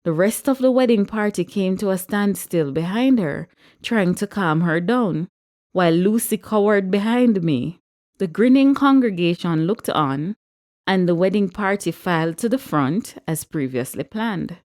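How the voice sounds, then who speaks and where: A woman, reading a story aloud in a measured, expressive way. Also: medium pitch. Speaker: audiobook narrator.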